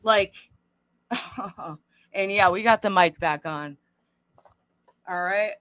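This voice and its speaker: A woman's voice: mid-range voice, very slow, fairly bright tone, no echo. A woman streamer ranting to her viewers in a blunt, sarcastic, profane way.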